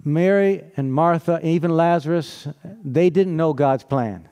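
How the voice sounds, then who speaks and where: A man's voice: fairly high pitch, measured pace, warm tone, clear, resonant tone. A man preaching a sermon in a conversational, storytelling way, often asking rhetorical questions and laughing.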